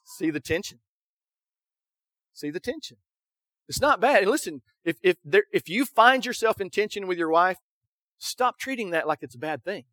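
Middle-aged male pastor, high bright voice, dry close sound, conversational sermon with acted-out quotes. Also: animated, no room sound. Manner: storytelling with quick acted quotes and frequent "right?".

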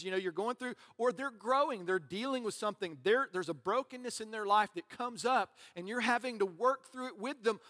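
Joking preacher in an echoing hall. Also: male voice, high-pitched, pushed and bright. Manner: joking, conversational preaching with asides. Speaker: pastor. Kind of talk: sermon. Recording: long reverb of a large hall.

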